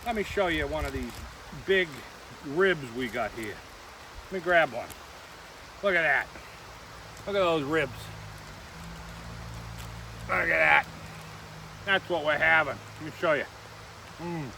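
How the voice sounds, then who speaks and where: A man's voice: a little high, unhurried, creaky, pauses often, pushed and bright. A man hosting a casual outdoor vlog on a riverbank, chatty and rambling. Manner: chatty, rambling, self-correcting. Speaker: vlog host. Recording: distant outdoor mic with stream noise. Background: flowing stream and passing traffic.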